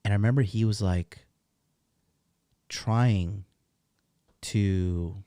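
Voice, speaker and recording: A man's voice: lowish voice, drawn-out words, dark tone, clean tone, dry recording, studio quality. A man in his thirties hosting a casual livestream, talking bluntly and profanely in a rambling way. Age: 30s. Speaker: podcast host.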